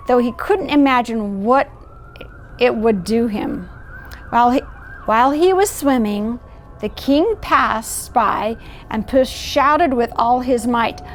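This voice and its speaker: A middle-aged volunteer storyteller with a slightly high voice reads a picture book aloud over a little hiss or hum. She pauses for warm asides, pointing out the pictures and chatting about the story.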